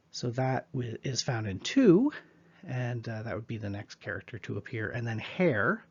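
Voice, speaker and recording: Husky guy lecturing on biology, chatty explainer, muffled low-fi recording. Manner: explanatory, conversational, with asides. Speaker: biology teacher.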